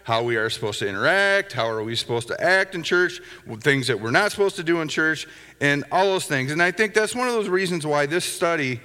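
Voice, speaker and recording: Bright-voiced pastor in a reverberant sanctuary. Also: male voice, fairly high pitch, lively intonation, a little fast, smooth. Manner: conversational, anecdotal, chuckling asides. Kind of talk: sermon with storytelling. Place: church sanctuary. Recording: long hall reverb.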